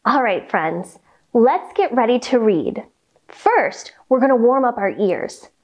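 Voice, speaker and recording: Bright, lively kids' yoga teacher woman. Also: on the high side, slow pace, lo-fi sound. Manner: cheerful, encouraging, speaks to young kids. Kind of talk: guided yoga storytime for children.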